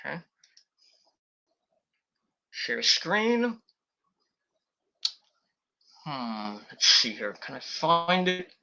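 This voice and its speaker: A man's voice: on the high side, big pitch swings, drawn-out words, gravelly, pauses often, bright, forceful tone. A man hosting a casual review show, rambling and swearing freely and correcting himself as he goes. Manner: rambling and profane, with frequent self-corrections. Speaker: wrestling show reviewer, host. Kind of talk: casual spoken review and rant. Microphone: computer setup while recording.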